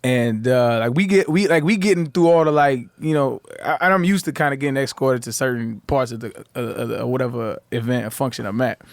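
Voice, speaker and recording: A relaxed man from New Mexico with a mid-range voice, chatting as a podcast guest. He laughs often and circles back on his thoughts, and the sound is dry and close. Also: medium pitch, brisk, few pauses, no room sound. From Albuquerque, New Mexico. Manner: relaxed, laughs easily, trails off and restarts. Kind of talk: casual chat.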